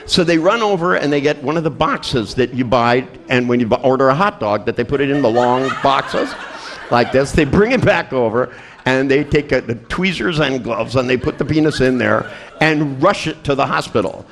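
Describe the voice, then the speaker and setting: A man at a seminar who tells a comic story with plenty of energy. His voice sits at a middle pitch. He laughs through his own lines and often trips and restarts mid-sentence. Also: moderate pace, noisy background. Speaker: seminar presenter.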